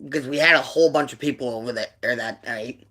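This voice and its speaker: Bright-voiced man telling a personal story. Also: medium pitch. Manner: rambling, halting, with many fillers and repeats; subdued and emotional when telling painful memories. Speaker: livestream host.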